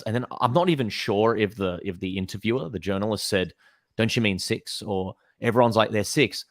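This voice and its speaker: A man with a fairly low voice recorded dry and close, co-hosting a football podcast. He tells stories with animated, half-laughing asides and acts out quotes. The tone is loose, casual chat. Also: brisk, no room sound. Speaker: podcast co-host.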